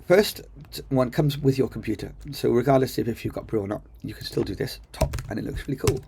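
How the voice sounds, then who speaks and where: A man's voice: medium pitch, quick pace, vocal fry, background noise. A man casually walking through a screen-recorded coding tutorial, chatty and enthusiastic, thinking aloud with lots of ums. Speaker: coding teacher. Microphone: computer mic while screen recording.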